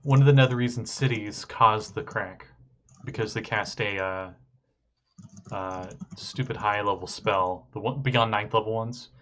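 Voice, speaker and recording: Relaxed low-voiced man running the game. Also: a little slow. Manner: relaxed, explains lore from notes, self-correcting. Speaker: game master. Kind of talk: casual tabletop game talk.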